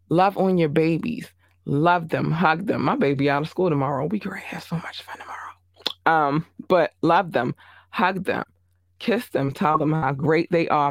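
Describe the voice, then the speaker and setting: Woman podcast host, blunt and sassy, gravelly fry, dry close sound. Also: sits low, no room sound. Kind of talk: solo podcast monologue.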